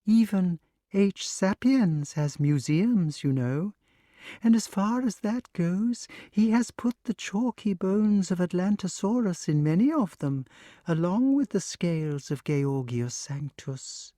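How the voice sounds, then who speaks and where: A man voicing a patient old male grass snake with a sing-song, gently affectionate way of talking, in an audiobook. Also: high-pitched, lively intonation, slow pace, no echo, clean studio sound, voice pushed up. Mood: patient, musing. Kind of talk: audiobook character reading.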